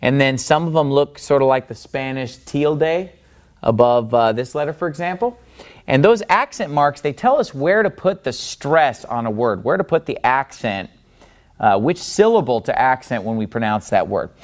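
A man with a medium-pitched, expressive voice teaches a Bible-language lesson at a board. He explains step by step, frequently stops to check in with the listener, and slows down to stress each syllable when demonstrating how a word sounds.

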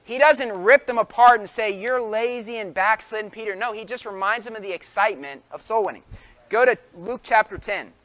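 A male preacher delivers a sermon with a high-pitched voice. He talks emphatically and keeps asking his listeners rhetorical questions. His tone is bright and forceful. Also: brisk.

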